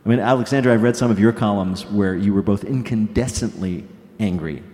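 A man hosting a panel, asking measured, thoughtful questions. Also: on the low side, darkish tone. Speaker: host. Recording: long hall reverb.

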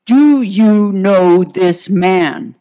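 A woman's voice: medium pitch, very slow, warm tone, voice pushed up. A woman voicing an impatient male police lieutenant who asks curt, demanding questions. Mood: gruff.

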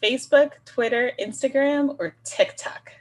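A woman co-hosting an interview, upbeat and quick to laugh. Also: sits high. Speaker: co-host. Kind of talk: casual interview.

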